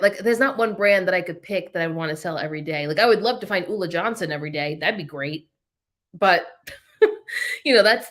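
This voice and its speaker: A woman's voice: fairly low pitch, a bit bright. Chatty woman hosting a livestream. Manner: chatty, laughs often, frequent ums. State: coughing, eyes watering. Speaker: reseller livestream host. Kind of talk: casual live chat reading viewer comments.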